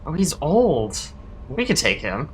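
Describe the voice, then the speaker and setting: A man's voice: on the high side, wildly swooping pitch, a little slow. A man joking around as a player in a tabletop game. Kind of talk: casual play talk.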